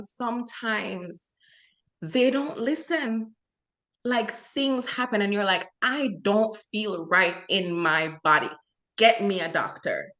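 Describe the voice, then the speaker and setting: A woman's voice: mid-range voice, bright, forceful tone. Young woman co-host, earnest and impassioned, casual talk. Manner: earnest, impassioned, many fillers. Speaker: podcast co-host. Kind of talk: casual chat.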